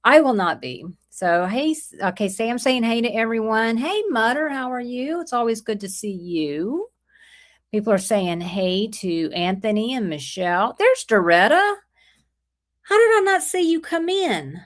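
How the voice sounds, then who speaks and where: A woman's voice: a little high, sing-song, measured pace. A middle-aged woman with a sore throat, hosting a casual livestream and chatting through viewer comments. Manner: chatty, rambling, greets viewers by name. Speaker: livestream host.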